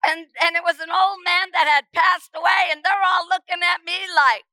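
A middle-aged woman preacher telling her testimony with emphasis, often repeating words and rising to shouts at the dramatic moments. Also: extremely high pitch, fairly even intonation, moderate pace, dry recording, rough recording. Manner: repeats words when stirred. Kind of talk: testimony sermon.

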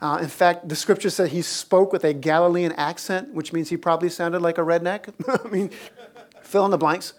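A pastor preaching a sermon in a church, telling stories with big swings in pitch and frequent laughter, then slowing to speak quietly to the congregation. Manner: animated storytelling, lively pitch swings.

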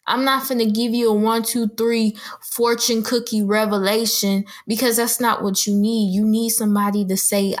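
A woman's voice: medium pitch, fairly even intonation, normal speed, hardly any pauses. A woman hosting a podcast, telling a personal story in an earnest, conversational way and often repeating herself. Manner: earnest, conversational, repeats phrases, addresses listeners as y'all. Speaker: podcast host. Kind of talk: casual storytelling monologue.

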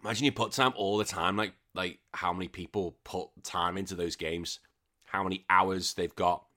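A young man hosting a casual gaming news podcast, excitable and swearing freely, often trailing off into quiet asides. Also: low-pitched, normal speed. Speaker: podcast host.

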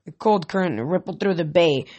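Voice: medium pitch, normal speed, a little mellow, highs cut off. An audiobook reader narrating a story in first person, in a casual delivery with frequent stumbles and self-corrections.

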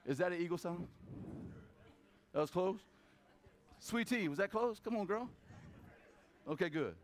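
Here a pastor with a high-pitched voice talks a little slowly through an informal sermon. He brings his stories to life by acting out the voices in them.

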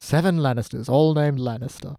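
Jokey man with a mellow voice. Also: medium pitch, a little fast, creaky, no room sound, studio quality. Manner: jokey, acts out quoted lines in silly voices. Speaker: podcast co-host. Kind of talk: casual chat.

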